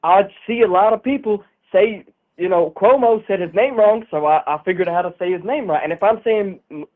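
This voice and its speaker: A man's voice: sits high, brisk. A man calling in to a live stream as a prank, apologizing and stammering as he talks. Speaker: caller. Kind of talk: prank call. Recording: tinny phone line.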